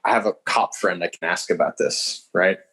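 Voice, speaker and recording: A man's voice: low voice, steady tone, pushed and bright, low-quality recording. A young man telling a story as a podcast guest, rambling casually with lots of fillers and swearing. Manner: swears freely, fast rambling with many fillers.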